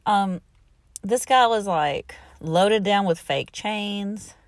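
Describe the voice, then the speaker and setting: A woman's voice: mid-range voice, takes it slowly, no echo. A middle-aged woman, telling everyday stories in a chatty, exasperated way and laughing between remarks. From Southern United States. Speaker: podcast host. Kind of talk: casual storytelling monologue.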